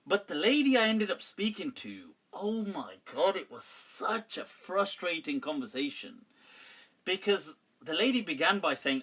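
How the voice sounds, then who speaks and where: A man hosting a live question-and-answer show, telling stories in an animated way, ranting with mock exasperation and laughing often. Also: high-pitched, a little slow, breathy edge. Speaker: mufti answering viewer questions. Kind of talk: live Q&A chat.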